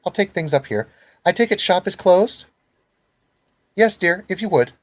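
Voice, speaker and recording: A man's voice: high voice, lively intonation, normal speed, voice pushed up. A man playing a sweet-voiced spider woman. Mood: cheerful.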